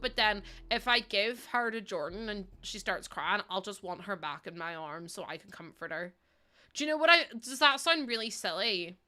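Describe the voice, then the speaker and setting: Bright-voiced chatty woman streamer. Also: medium pitch. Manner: chatty, reads and answers viewer messages, laughs often. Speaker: livestreamer. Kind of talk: casual chat while streaming a game.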